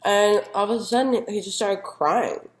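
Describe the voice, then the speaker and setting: A woman's voice: medium pitch, moderate pace, natural voice. A young woman playing a clingy, gossipy girlfriend who talks casually with lots of "like" fillers, recorded in an echoey room. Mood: confiding. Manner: casual, valley-girl "like" fillers. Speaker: interviewee in a mock news segment.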